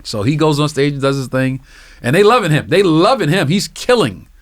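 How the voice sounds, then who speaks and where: A middle-aged man from New York, a comedian telling a long anecdote with lively acted-out voices and casual swearing. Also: a little high, fairly quick. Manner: acts out voices in his anecdotes, swears freely. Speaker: comedian guest. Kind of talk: animated storytelling.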